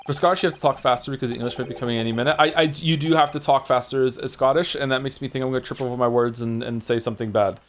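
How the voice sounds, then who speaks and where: A man's voice: mid-range voice, fairly even intonation, very fast, few pauses. A man from Wales streaming a video game, chatting casually and reading dialogue aloud, with frequent stammering restarts.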